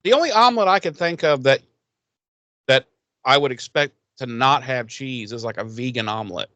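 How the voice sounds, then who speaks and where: A man's voice: mid-range voice, normal speed, bright, forceful tone, dry recording. A man co-hosting a podcast, retelling a TV episode in loose, profane casual chat full of fillers. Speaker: podcast co-host.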